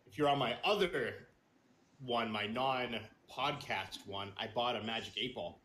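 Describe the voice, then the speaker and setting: A man's voice: medium pitch, a little slow, sharp tone, reverberant. Rambling casual male streamer. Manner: rambling, hesitant, many ums and restarts. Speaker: podcast co-host and streamer. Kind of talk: casual chat.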